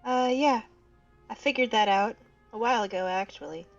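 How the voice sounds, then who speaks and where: A woman's voice: fairly high pitch, moderate pace, soft background music, natural voice. A woman voicing a small, odd female slime creature that speaks in a simple, childlike way. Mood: eager. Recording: distant dull lo-fi mic.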